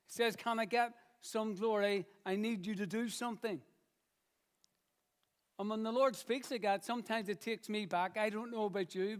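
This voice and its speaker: A man with a high voice preaching in church. He speaks earnestly and stretches out key phrases with slow pauses, repeating them for emphasis. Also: clean tone. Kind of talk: sermon.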